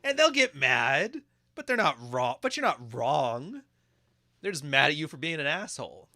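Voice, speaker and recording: A man's voice: fairly high pitch, sing-song, normal speed, pushed and bright. A man giving crude, mocking casual commentary while reacting to videos. He keeps acting out quoted voices.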